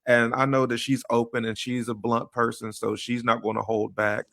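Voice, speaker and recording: A man's voice: medium pitch, flat delivery, brisk, gravelly, hardly any pauses, a bit bright. A man hosting a podcast, introducing his guest casually, hesitant and full of fillers. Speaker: podcast host.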